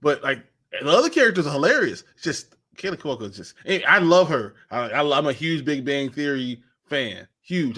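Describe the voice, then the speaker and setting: A man's voice: a little high, sing-song, moderate pace, few pauses, bright, forceful tone. A man co-hosting a casual live chat show, rambling, with frequent laughs and repeated starts. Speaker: co-host.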